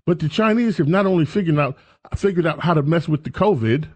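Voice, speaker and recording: A man's voice: a little high, brisk, darkish tone. A man hosting a talk radio show, rambling through a jokey, self-mocking monologue.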